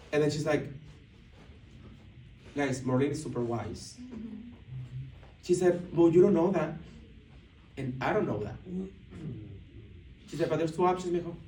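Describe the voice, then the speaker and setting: A man telling a story to a live audience at a business event, animated, acting out what people said, with many restarts. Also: on the high side, slight background noise. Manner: animated, acts out dialogue, frequent restarts. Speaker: motivational speaker at a business event. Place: large indoor event room. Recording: echoey hall, mic heard from a distance.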